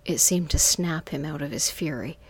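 Woman narrating softly in a breathy half-whisper. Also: deep voice. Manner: soft, half-whispered, drawn-out delivery. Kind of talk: first-person erotic story narration.

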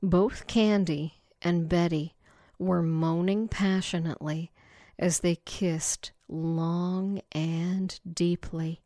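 A woman narrating a story aloud in a slow, soft, breathy reading voice. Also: on the low side, level tone, no echo, studio quality.

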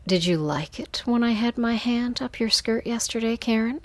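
A woman voicing a smug, domineering male boss who speaks low and seductively. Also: normal speed, dry recording, lightly acted. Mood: taunting.

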